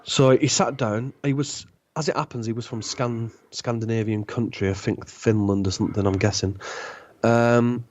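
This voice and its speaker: A man, a podcast guest, telling a long anecdote in a rambling, animated way and acting out the dialogue. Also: mid-range voice, normal speed. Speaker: podcast guest, former club DJ. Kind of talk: casual storytelling. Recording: dull lo-fi podcast audio.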